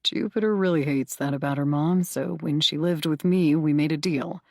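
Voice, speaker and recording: Woman voicing a gruff, weary uncle. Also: deep voice, normal speed, warm tone, no echo, clean studio sound. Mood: explaining. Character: gruff tired man, protective uncle. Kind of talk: audiobook character voice.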